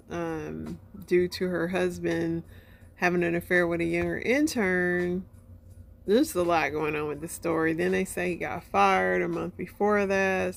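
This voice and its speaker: A woman's voice: lowish voice, vocal fry, slight background noise. A woman hosting a casual podcast, reading news headlines and giving offhand comments. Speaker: host. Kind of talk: casual news chat and reactions.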